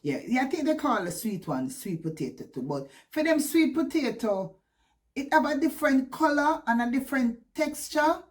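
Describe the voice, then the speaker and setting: A Jamaican woman telling stories casually to camera, animated and laughing often, mixing in patois. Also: high-pitched, normal speed. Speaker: vlogger. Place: living in the West Country of England.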